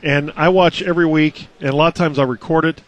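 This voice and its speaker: A man's voice: on the high side, fairly even intonation, fast talker, dull audio. A man co-hosting a casual chat, enthusiastic in his praise. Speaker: co-host.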